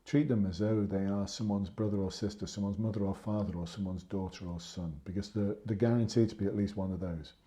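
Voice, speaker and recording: A man's voice: on the low side, steady tone, a little fast, hardly any pauses, warm tone. A man in his fifties, a former police sergeant, giving casual, earnest advice on a live stream and repeating his points for emphasis. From England.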